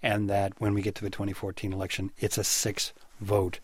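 A middle-aged man co-hosting a political podcast in a radio studio, laying out points in a measured, precise way. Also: lowish voice, completely flat delivery, slightly rough, dry recording. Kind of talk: casual political chat.

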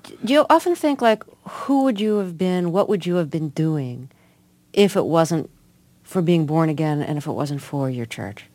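An interviewer asking plain, measured questions with small stumbles, then reading a closing note. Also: medium pitch, expressive, darkish tone, no room sound. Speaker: radio interviewer.

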